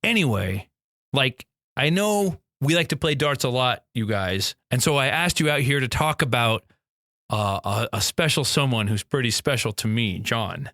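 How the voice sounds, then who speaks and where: A man co-hosting a comedy podcast, rambling in a goofy, deliberately dim improv voice. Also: medium pitch, expressive, fairly bright tone, dry recording, clean studio sound. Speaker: podcast co-host.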